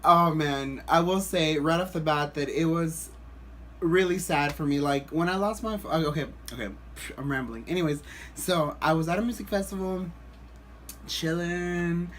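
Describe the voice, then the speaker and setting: A man vlogging, telling a story to the camera in a rambling, animated way with lots of restarts. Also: fairly high pitch, moderate pace, slight background noise.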